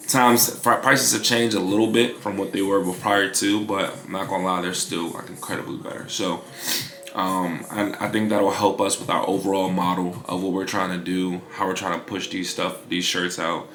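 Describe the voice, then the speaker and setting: A man in his 20s vlogs casually about building his clothing brand, laid-back and slangy with lots of fillers. His voice is low-pitched and a bit bright, recorded in an echoey room.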